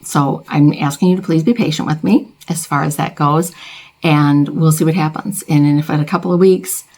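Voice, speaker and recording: Middle-aged woman beauty vlogger, deep voice, rambling, heartfelt, chatty. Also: steady tone, normal speed, a little mellow. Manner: rambling, earnest, self-correcting. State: close to tears. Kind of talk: casual get-ready-with-me chat.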